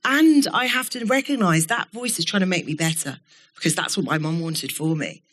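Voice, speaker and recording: A woman's voice: fairly low pitch, brisk. Candid woman giving a keynote. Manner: candid, animated storytelling with swearing. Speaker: keynote speaker. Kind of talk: keynote talk to a live audience. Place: event studio before an audience.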